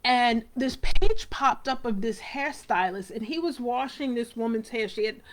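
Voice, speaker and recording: Host: middle-aged woman, fairly high voice, chatty and rambling, talks straight to viewers. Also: a little slow, slight background noise. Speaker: hair care show host. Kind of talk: casual live talk to viewers.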